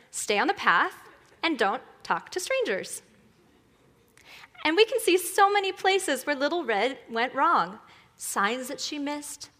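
A woman preaching to a church gathering, earnest and expressive as she tells a story. Her voice sits a little high and very bright. A long hall reverb carries each phrase. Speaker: speaker at a church evening. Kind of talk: sermon with storytelling.

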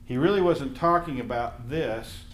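A man teaching a Bible class in a casual, animated way, acting out the voices in his stories. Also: medium pitch, unhurried, echoey room, slight background noise. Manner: animated storytelling, acts out voices in anecdotes.

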